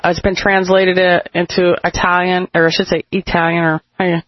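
A woman's voice: fairly low pitch, level tone, no room sound. Woman cohost on the radio, rambly, lots of ums, dry muffled sound. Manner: rambling, halting with many fillers. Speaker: radio co-host. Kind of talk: casual radio talk.

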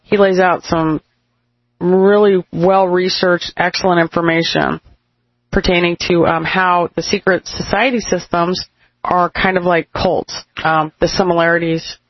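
A woman's voice: on the low side, level tone, dry recording. Rambling woman radio co-host. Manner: rambling, halting with many fillers. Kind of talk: casual radio talk. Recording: muffled lo-fi radio sound.

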